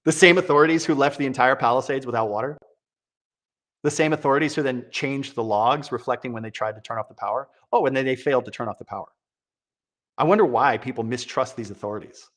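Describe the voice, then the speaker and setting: A man's voice: mid-range voice, fast talker, fairly bright tone. A man giving sarcastic, exasperated political commentary, mocking what he reads aloud. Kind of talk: opinion commentary.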